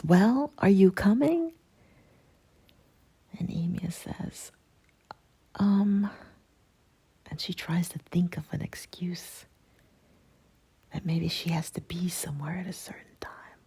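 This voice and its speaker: A woman whispers a bedtime story, unhurried and hushed. Her low whisper is husky and gravelly, with a dark, mellow softness. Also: completely flat delivery. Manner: slow, soft, hushed.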